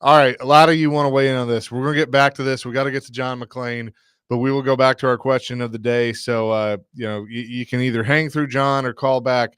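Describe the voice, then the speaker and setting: A man hosting a sports talk radio show, easygoing with callers and quick to laugh. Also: medium pitch, fairly even intonation, a bit bright, smooth, no room sound. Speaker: radio host. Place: radio studio. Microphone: studio mic.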